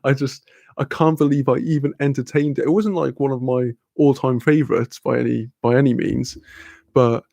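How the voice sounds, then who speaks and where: Gravelly British man chatting casually. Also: mid-range voice, fairly even intonation, moderate pace, a little mellow, no room sound. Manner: rambling, swears freely, laughs often. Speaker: streamer chatting with viewers. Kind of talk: casual live-stream chat.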